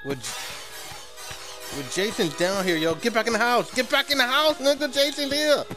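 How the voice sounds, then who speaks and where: A man talking live to his teammates while gaming, excitable and panicky, joking and swearing a lot. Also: very high voice, normal speed. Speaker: gamer. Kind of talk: live gameplay chat with teammates. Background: game music.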